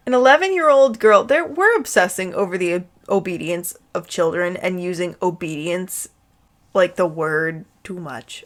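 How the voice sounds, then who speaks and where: A woman's voice: mid-range voice, expressive, moderate pace. A woman reading fan fiction aloud as a comedic dramatic reading, with amused, sarcastic asides.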